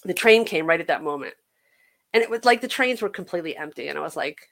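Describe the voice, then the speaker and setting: An American woman appears as a podcast guest and tells her personal recovery story earnestly, halting and restarting often. Her voice is lowish and a bit bright, with lively intonation.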